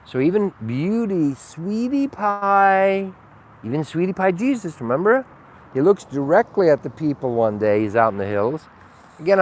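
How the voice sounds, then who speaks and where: A man giving an unscripted spiritual monologue, rambling and blunt, with frequent swearing and sudden swings between loud and soft. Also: medium pitch. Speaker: spiritual teacher.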